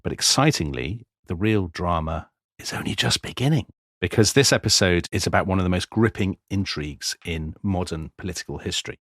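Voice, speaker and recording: A man co-hosting a history podcast, explaining in a measured, dry way. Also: low-pitched, a bit bright, no room sound. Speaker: podcast co-host.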